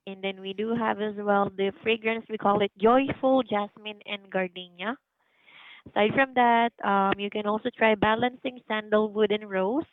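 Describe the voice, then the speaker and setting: A woman's voice: medium pitch, no room sound. Polite woman agent on a tinny phone line. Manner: polite, hesitant, lots of ums. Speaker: customer service agent. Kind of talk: phone customer service.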